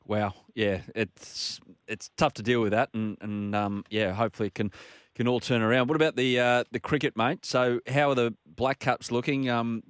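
A man's voice: medium pitch, steady tone, normal speed, smooth, no room sound, clean studio sound. A man hosting a casual sports radio show, bantering with a chatty, joking manner.

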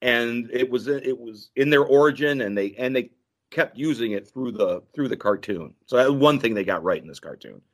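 A man hosting a podcast in casual chat, animated and quoting scenes in voices. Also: mid-range voice, moderate pace. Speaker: podcast host.

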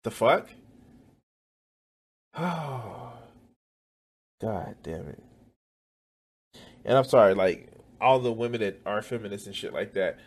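Slow-talking profane male reaction host. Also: on the low side, expressive, slightly rough. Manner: swears constantly, laughs and exclaims.

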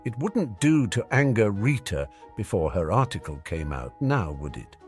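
Male audiobook narrator, lower voice, animated and wry. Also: normal speed, few pauses, faint music behind. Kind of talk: audiobook reading of fan fiction.

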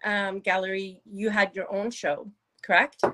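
A woman's voice: medium pitch, little pitch movement, measured pace, very noisy. A woman hosting an interview over a video call, asking her guest friendly, prompting questions. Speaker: podcast host.

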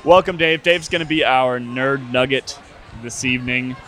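A man's voice: medium pitch, normal speed, a bit bright. A man hosting a podcast in a casual, joking, conversational way, recorded in a tavern. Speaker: podcast host.

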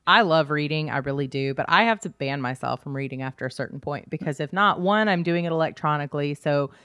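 Low-voiced woman podcast co-host. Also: fast talker, a bit bright, clean tone, no room sound, studio quality. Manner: candid, self-deprecating, laughs often. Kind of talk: casual chat.

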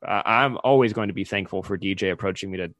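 A man's voice: low voice, fast, a bit bright, no room sound. A man co-hosting a podcast, speaking in a grateful, slightly hesitant way. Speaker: podcast co-host. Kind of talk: casual podcast chat.

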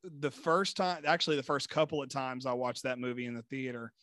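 A young adult man co-hosting a podcast, chatting casually in an excitable, giggly way. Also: medium pitch, a little fast, no room sound, clean studio sound. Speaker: podcast co-host. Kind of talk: casual chat.

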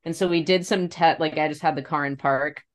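A woman's voice: deep voice, fairly even intonation, fairly quick. A young woman co-hosting a podcast, telling a rambling story in casual chat and swearing freely. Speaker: podcast co-host.

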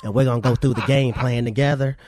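A man's voice: mid-range voice, steady tone, fast talker, darkish tone, close to an everyday voice. A man putting on the voice of a folksy older football team owner, drawling and self-assured. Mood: boastful.

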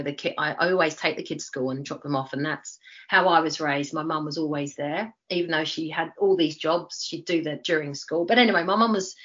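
Woman, 40s, low voice, lively anecdotal storyteller, slightly muffled recording. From East London, England. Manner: animated storyteller, acts out quoted voices, frequent restarts. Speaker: interview guest, former Olympic athlete. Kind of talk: casual storytelling interview.

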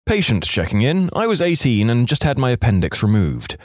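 Brief: male story reader, lively wry delivery, dry close-mic sound. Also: medium pitch, brisk, no echo. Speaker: narrator. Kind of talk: reading online stories aloud.

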